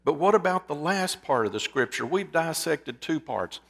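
A man preaching a sermon, asking his listeners rhetorical questions and dropping to a hush for emphasis. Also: on the high side, lively intonation, normal speed, vocal fry, breathy edge. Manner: drops to a hushed voice for emphasis.

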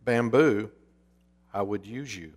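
A man's voice: slow, darkish tone, long reverb tail. A man voicing a grave garden master. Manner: grave and low.

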